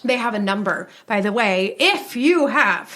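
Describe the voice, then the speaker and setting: A woman's voice: medium pitch, fairly bright tone, slight background noise. A woman with a Southern US accent, co-hosting a podcast and telling a true crime story, laughing often and saying y'all. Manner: giggly, laughs through the story, says y'all. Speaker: podcast co-host.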